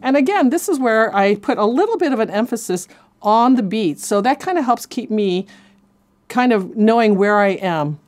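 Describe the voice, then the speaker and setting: A woman's voice: fairly high pitch, expressive, moderate pace, a little mellow. A woman teaching a cello lesson, counting beats aloud and encouraging her students. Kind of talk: instructional lesson. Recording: cello playing behind. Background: faint cello music.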